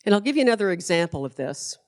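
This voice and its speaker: A woman's voice: mid-range voice, big pitch swings, quick pace. A middle-aged woman, giving a conference keynote speech and telling stories in a passionate, emphatic way. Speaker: keynote speaker.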